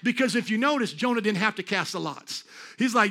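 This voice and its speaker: A man's voice: high voice, animated, a little fast, pushed and bright. A man preaching a sermon at a church service, talking in an emphatic, conversational way and throwing rhetorical questions at the congregation. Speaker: pastor.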